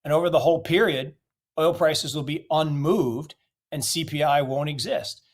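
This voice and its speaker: A man's voice: on the high side, moderate pace. A middle-aged man from the United States answering interview questions in a blunt, emphatic way, often asking rhetorical questions. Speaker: investment guest.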